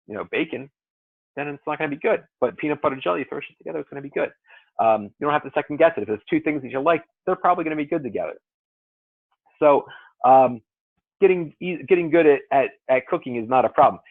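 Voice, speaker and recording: A man's voice: medium pitch, breathy edge. A male fitness coach talks through calorie math in a loose, rambling way, sounding things out as he goes. His voice comes over a thin, phone-like line. The sound is dry, with no room echo. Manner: rambling, conversational, works through numbers aloud. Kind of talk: casual coaching explanation. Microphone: call audio.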